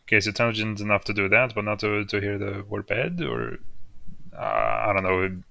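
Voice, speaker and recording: Low gravelly man muttering remarks. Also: animated, normal speed, bright, forceful tone. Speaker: viewer reacting. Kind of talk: casual reaction commentary.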